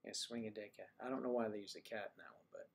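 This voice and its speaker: A man's voice: on the low side, fairly even intonation, fast, gravelly, a little hiss or hum. An older man hosting a casual livestream, musing aloud and trading folksy sayings in a loose, rambling way. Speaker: livestream host.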